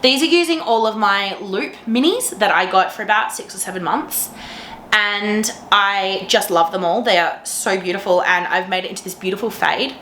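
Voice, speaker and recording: Woman, podcast host, bright enthusiastic chatter, echoey room, some faint noise behind. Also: medium pitch, normal speed. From Australia. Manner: gushing, enthusiastic, laughs often. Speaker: teacher. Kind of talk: casual chat to camera.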